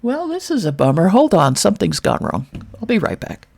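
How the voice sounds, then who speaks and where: Gravelly woman from brooklyn doing a laid-back modeling tutorial, wry little asides. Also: mid-range voice, very animated, a little fast, darkish tone. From Brooklyn, New York. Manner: thinking aloud, wry and self-mocking. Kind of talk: casual screen-share tutorial.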